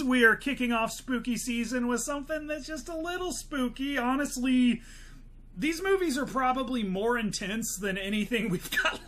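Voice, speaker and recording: High bright-voiced male podcast host. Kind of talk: casual chat.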